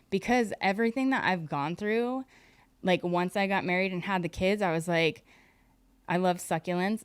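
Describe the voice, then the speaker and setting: A woman in her thirties speaks candidly as a podcast guest, her voice lowish and smooth. She talks in a chatty, personal way, full of "like", and the sound is close and dry. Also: no room sound. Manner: candid, fast talking, uses "like" often. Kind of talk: emotional personal story.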